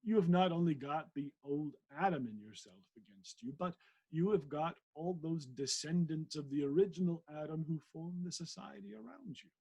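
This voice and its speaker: A man reading the part of a genial middle-aged country vicar and naturalist, in a wry, teasing manner and a husky voice. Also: fairly high pitch, moderate pace, warm tone, pitched above the performer's own voice, poor audio.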